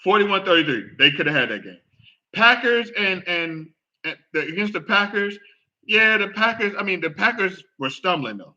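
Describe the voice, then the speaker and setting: Animated man talking football, bright lo-fi voice. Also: sits high, normal speed. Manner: animated, exclaims and groans at plays. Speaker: sports podcast host. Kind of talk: casual sports talk while watching a game.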